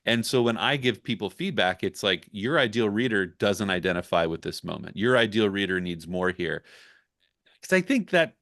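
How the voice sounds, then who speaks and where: A ghostwriter guesting on a casual podcast talks things through in a candid, reflective way. His fairly low voice has a sing-song lilt, a moderate pace and a fairly bright tone, recorded clean and dry in a studio.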